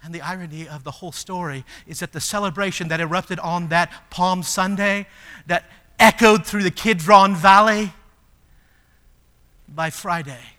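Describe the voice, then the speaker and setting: A man preaching a sermon as pastor, moving from soft, low passages to loud, emphatic ones. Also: fairly even intonation, normal speed. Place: church sanctuary. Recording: long hall reverb.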